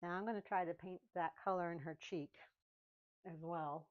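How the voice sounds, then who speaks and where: A woman's voice: fairly low pitch, steady tone, moderate pace, highs cut off. A woman chatting casually while she paints, laughing often and talking to herself. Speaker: painting vlogger.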